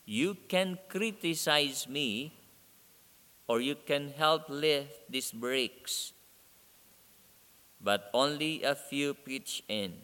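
A man preaching a sermon, telling a story slowly and deliberately. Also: medium pitch, pushed and bright, clean tone. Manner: slow, deliberate storytelling delivery. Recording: long reverb of a large hall.

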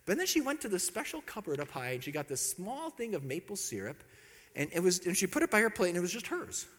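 A man's voice: sits high, very animated, fast, fairly bright tone, big-room sound. A man giving a talk and telling a self-mocking story about his marriage, laughing at his own jokes.

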